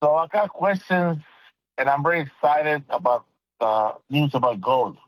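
A man's voice: on the high side, measured pace, dry recording, low-quality recording. Polite hesitant male caller. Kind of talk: phone-in question.

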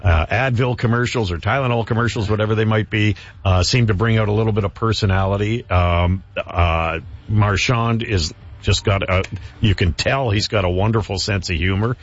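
A man hosting a casual hockey chat, chatty with quick affirmations and a husky voice. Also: lowish voice, dull audio.

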